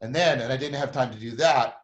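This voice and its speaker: A man's voice: medium pitch, fast, muffled recording. Man explaining with frequent tag questions. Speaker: host. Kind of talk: conversational explanation.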